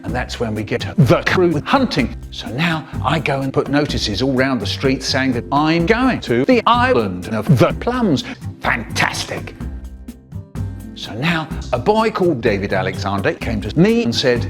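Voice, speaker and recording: Animated man spinning a silly tale. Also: normal speed. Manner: animated storyteller, voices jumping high and low. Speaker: narrator. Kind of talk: spliced comedic storytelling. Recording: music bed underneath.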